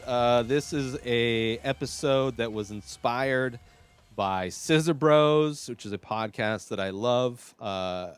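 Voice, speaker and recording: A man hosting his own vlog, nervous and rambling with many fillers, swinging between quiet mutters and loud outbursts. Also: medium pitch, slow, clean tone, soft background music. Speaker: show host. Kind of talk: casual solo vlog.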